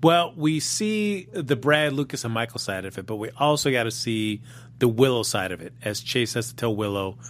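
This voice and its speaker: Measured man co-hosting a chat. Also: mid-range voice, expressive, a bit bright. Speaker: co-host. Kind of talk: casual chat.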